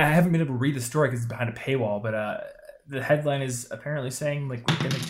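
Guy co-hosting a podcast, punchy and emphatic, mid pitch, chatty asides. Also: a little hiss or hum. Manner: emphatic, punchy advice-giving with quick asides. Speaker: podcast co-host. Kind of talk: casual podcast chat.

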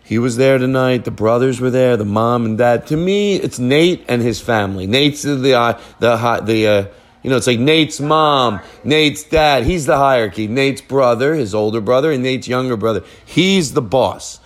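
A man's voice: mid-range voice, moderate pace. A middle-aged man hosting a casual podcast from a relative's living room, rambling and joking as he goes. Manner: rambling, joking, self-interrupting. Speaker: podcast host. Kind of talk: casual chat recorded with family. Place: living room at a relative's house, fire going.

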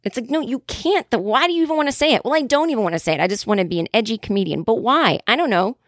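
A woman's voice: fairly high pitch, expressive, rapid-fire, no room sound, clean studio sound. Sarcastic, rambling woman podcast host. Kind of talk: solo podcast commentary.

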